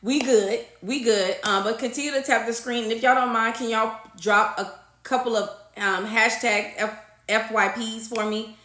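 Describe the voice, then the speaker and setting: A woman's voice: a little high, steady tone, normal speed, fairly bright tone, reverberant. A woman, a registered nurse, hosting a casual livestream and chatting with her viewers. She repeats her points and reads out and answers comments from the chat. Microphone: phone or webcam livestream setup.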